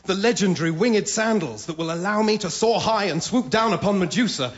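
A man's voice: high-pitched, fairly quick, natural voice. A man playing Perseus, an earnest young male hero, in a radio comedy sketch with an earnest heroic delivery. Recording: dull lo-fi radio recording with faint noise.

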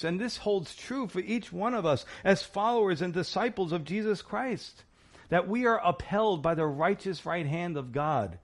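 A man's voice: sits high, animated, moderate pace. A man preaching a sermon, earnest and encouraging, often asking the listeners rhetorical questions. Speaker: pastor.

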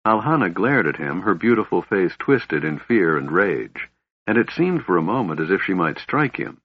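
A man narrating a fantasy audiobook in a measured storytelling manner. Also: low voice, very animated, husky, narrow, tinny audio.

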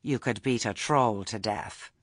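Man voicing dour old village woman, deadpan, husky. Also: fairly low pitch, unhurried, no echo, studio quality. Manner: dark and deadpan.

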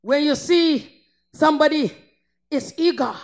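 A woman from northern Nigeria delivers a fervent sermon at an unhurried pace. She swings between shouted praise and low, intense rebuke.

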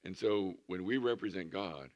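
A man's voice: low voice, normal speed, muffled recording. A man in his sixties, a pastor preaching a conversational sermon with humorous storytelling in a church. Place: church sanctuary.

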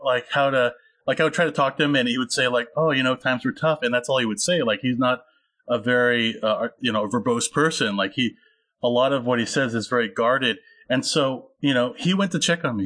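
A man's voice: mid-range voice, sharp tone. Rambling man in a casual film chat. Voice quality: rambling with many fillers and restarts. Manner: earnest and personal. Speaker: podcast co-host discussing a film.

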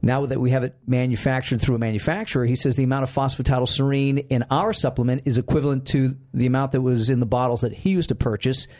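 A man's voice: mid-range voice, fast talker, few pauses. A man hosting a podcast in casual chat, telling stories and acting out quoted dialogue. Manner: animated storyteller who acts out quoted dialogue. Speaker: podcast host.

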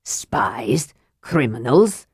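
A woman's voice: a bass voice, unhurried, no room sound, clean studio sound, voice pushed down. A woman voicing a stern male dwarf chieftain who speaks grimly and with command. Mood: exasperated. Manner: grim, commanding.

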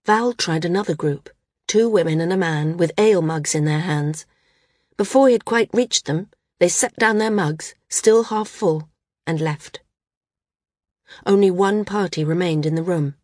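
A woman narrating a novel audiobook in a steady storytelling manner. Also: on the low side, normal speed, no echo, clean studio sound. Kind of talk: scripted narration.

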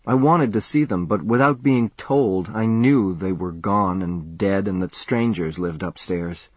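Husky, low-voiced male narrator. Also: unhurried, no echo. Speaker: audiobook narrator. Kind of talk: scripted first-person narration.

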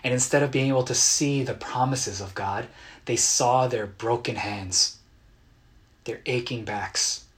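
A man preaching a sermon as a pastor, earnest and dramatic, acting out quotes with bursts of loud emotion. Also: mid-range voice, unhurried. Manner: earnest, dramatic retellings with sudden loud outbursts.

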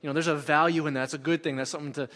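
A middle-aged man, a pastor, delivers a sermon in a fairly high voice, talking as if in conversation with the congregation. He drives his points home by repeating key phrases. His voice rings out with a long reverb, as in a large sanctuary. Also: fairly even intonation, very fast, fairly bright tone.

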